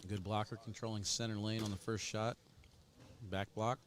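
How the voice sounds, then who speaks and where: A man's voice: fairly low pitch, level tone, moderate pace, background noise. A man giving casual, chatty play-by-play commentary on a cornhole match, joking with his co-host.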